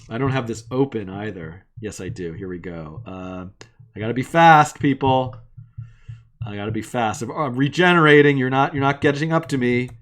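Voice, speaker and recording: A man hosting a live coding stream, casually thinking aloud and narrating each step as he works from an attic room. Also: mid-range voice.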